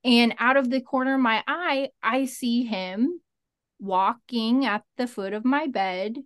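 A woman as an interview guest, telling a story in a frank, animated way and swearing freely. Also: on the high side, a little slow, no room sound, studio quality. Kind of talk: casual storytelling.

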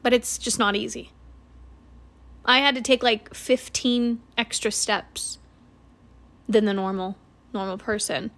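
A woman's voice: fairly high pitch, steady tone, measured pace, pauses often, fairly bright tone. A woman in her late twenties hosting her own podcast, giving a blunt, earnest motivational talk full of swearing. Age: 20s. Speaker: podcast host. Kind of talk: casual motivational monologue.

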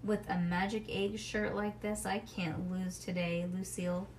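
A woman voicing a scheming, superstitious little boy who speaks in a hushed, theatrical way. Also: medium pitch, flat delivery, measured pace, distant mic, slight background noise, lightly acted.

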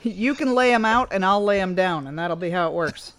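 A woman's voice: mid-range voice, expressive, brisk, fairly bright tone, slight background noise. A woman co-hosting a podcast in casual chat, chatty and giggly, often trailing off while searching for words. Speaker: podcast co-host.

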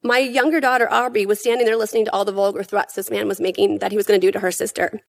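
A woman giving prepared testimony at a hearing, in an earnest, emphatic and measured way. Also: mid-range voice, little pitch movement, creaky.

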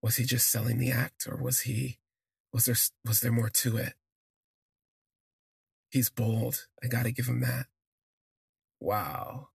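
A man narrates a personal story for his podcast in a relaxed, conversational way. He lingers on his words and drops in fillers as he goes. His voice is gravelly and a little husky, and it sounds close and dry with no room sound. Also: medium pitch, a little slow, pauses often, dry recording.

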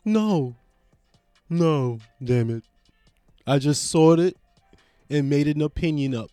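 A young man talks to his viewers in an unhurried, rambling comic monologue, cursing freely. He jumps between loud, worked-up rants and low, deflated mutters. The sound is dry and close, with faint music in the background. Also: clear, resonant tone, dry recording. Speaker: vlogger.

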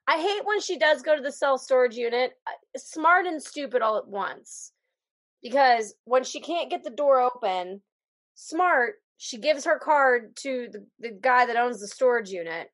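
A woman with a high voice in a relaxed conversation. She talks in a playful, joking way. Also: a little slow. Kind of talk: casual chat.

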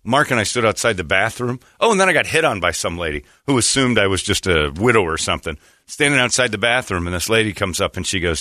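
A young man with a low, forceful voice tells a story on a talk show. His delivery is sardonic and full of mocking asides. The sound is dry and close. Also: quick pace, no room sound. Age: young adult. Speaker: radio show co-host. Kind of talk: casual comedic chat.

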